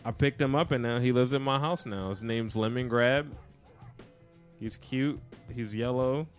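A man trading stories on a podcast in a relaxed, slangy way, joking as he goes. His voice sits at an everyday pitch, and soft music plays faintly behind him. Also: unhurried. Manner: laid-back storytelling, slangy, jokey. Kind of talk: casual chat.

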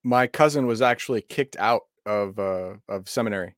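A man's voice: on the low side, normal speed, no room sound, clean studio sound. A man co-hosting a live stream, explaining things casually with many restarts and fillers. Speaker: co-host.

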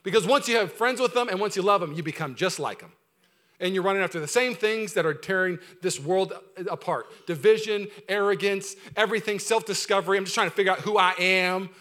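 A man preaching a sermon as pastor, energetic, swinging from loud urgent preaching to quiet, close asides. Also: high-pitched, a little fast.

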